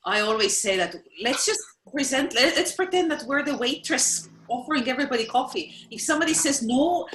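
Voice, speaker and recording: A woman's voice: sits high, animated, brisk, hardly any pauses, a bit bright, slight background noise. Upbeat woman in an echoey room. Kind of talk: casual chat.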